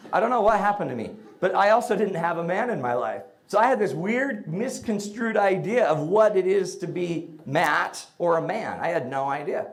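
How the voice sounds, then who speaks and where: A middle-aged man giving a humorous storytelling talk about parenting to an audience, comic and animated, breaking into shouted bursts. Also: high-pitched, moderate pace, hardly any pauses.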